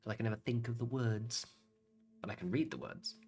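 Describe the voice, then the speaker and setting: Soft music plays behind a British streamer who talks casually during gameplay, hopping between topics with frequent laughter and the odd swear. His voice is medium-pitched, brisk and a little mellow.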